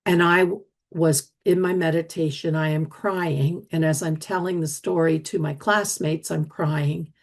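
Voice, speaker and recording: A middle-aged woman hosting a talk on energy medicine, telling a reflective story slowly and earnestly, with soft restarts and repetitions. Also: sits low, steady tone. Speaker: podcast host and speaker on energy medicine.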